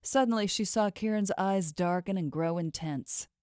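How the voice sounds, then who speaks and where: A woman narrating a fantasy romance novel in a measured, expressive storytelling voice. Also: medium pitch, clear, resonant tone, dry recording, clean studio sound. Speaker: audiobook narrator. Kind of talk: scripted narration.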